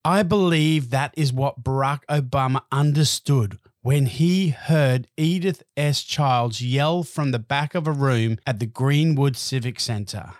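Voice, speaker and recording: A man giving scripted motivational narration in a measured, emphatic way. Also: medium pitch, no room sound, clean studio sound. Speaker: motivational speaker.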